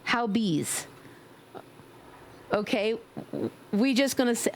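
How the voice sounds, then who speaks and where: A woman streamer chatting casually with her viewers in a playful way, now and then slipping into squeaky baby talk and screams. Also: lively intonation, slow pace, pauses often, slight background noise. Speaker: livestreamer. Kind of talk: casual live-stream chat.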